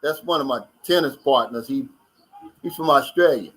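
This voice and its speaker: A man's voice: a little high, moderate pace, a bit bright, rough recording. An American man hosting a casual live stream, reading out viewer comments and chatting about them. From United States.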